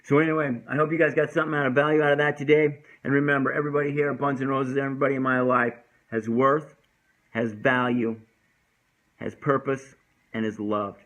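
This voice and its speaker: A man's voice: medium pitch, little pitch movement, brisk, fairly bright tone, low-quality recording. A man in his forties hosting a recovery talk show, talking earnestly in a rambling way with many restarts. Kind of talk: casual personal talk and poetry reading.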